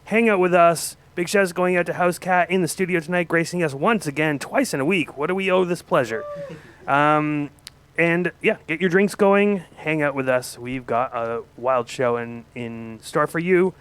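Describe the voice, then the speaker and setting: A man's voice: a little high, normal speed, fairly bright tone, clear, resonant tone. A man hosting a live studio music show, joking with the band and hyping them up. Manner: upbeat, joking, hypes the guests. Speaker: host.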